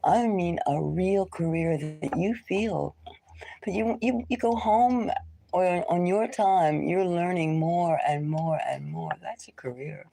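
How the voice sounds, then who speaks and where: A woman hosting a live tarot reading, talking in a rambling, conversational way and sometimes dropping into soft whispers. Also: fairly low pitch, slow pace, creaky, dry recording. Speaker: tarot reader. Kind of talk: live-stream reading, casual talk.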